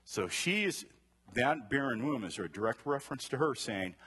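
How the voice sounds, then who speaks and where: A man's voice: medium pitch, expressive, normal speed, fairly bright tone, slightly rough. A man teaching a Bible study to a group in a chatty way, asking the class questions and drifting into side stories. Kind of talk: conversational Bible lesson to a group.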